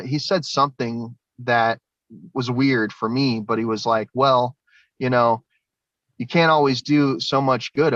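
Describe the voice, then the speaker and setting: Young man guest, loose rambling storyteller, mid-pitched, dry muffled line. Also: fairly bright tone, dry recording. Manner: rambling, many fillers and restarts. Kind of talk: recounting personal experiences.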